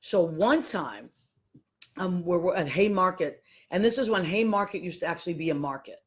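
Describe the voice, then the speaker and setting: Animated woman in her fifties. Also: lowish voice, normal speed. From Boston, USA. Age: 50s. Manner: animated, acts out voices of people in her stories. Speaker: podcast host. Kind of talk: casual storytelling monologue.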